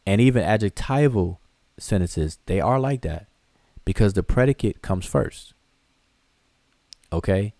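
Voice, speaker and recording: A man's voice: on the low side, lively intonation, unhurried, creaky, pauses often, mellow, dry recording, studio quality. A man teaching a live online class, explaining loosely and conversationally with frequent restarts and fillers as he answers viewer questions. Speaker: hieroglyphics teacher.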